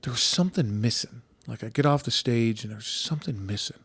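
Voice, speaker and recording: A man's voice: mid-range voice, brisk, fairly bright tone, slightly rough, no room sound. A man hosting a podcast, chatting casually, telling stories with plenty of restarts and casual swearing. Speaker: podcast host. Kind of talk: casual conversational interview.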